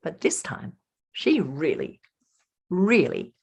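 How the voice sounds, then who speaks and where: Woman children's storyteller, animated and theatrical, slow read-aloud delivery for kids. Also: medium pitch, husky. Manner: animated, theatrical, talks directly to young listeners. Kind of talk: reading a picture book aloud to children.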